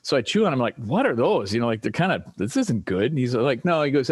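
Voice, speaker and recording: A man in casual chat over drinks, telling rambling stories with lively quoted voices as a podcast guest. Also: medium pitch, quick pace, hardly any pauses, husky, no room sound.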